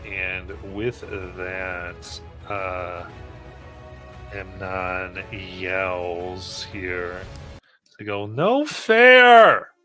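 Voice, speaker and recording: A man narrating and running a tabletop game as game master, in a measured, guiding manner. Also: deep voice, completely flat delivery, music in the background.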